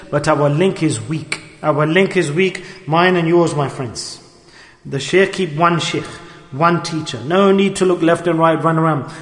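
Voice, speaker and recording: A man preaching a sermon to a gathering, earnest and pleading, leaning on slow, emphatic repetitions. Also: sits high, a bit bright. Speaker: Sufi preacher. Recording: echoey hall.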